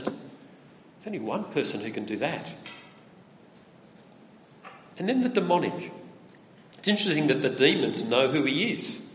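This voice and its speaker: A male preacher gives a sermon in a conversational manner and keeps asking the congregation rhetorical questions. His voice sits a little high and moves around a lot. He is heard in an echoey hall with a long reverb tail. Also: big pitch swings, a little slow, pauses often, a bit bright, slight background noise.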